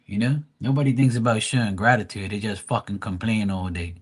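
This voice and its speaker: A man's voice: lowish voice, fairly even intonation, fairly quick, breathy edge. A man from Bermuda hosting a live tarot stream, ranting bluntly and profanely in casual chat.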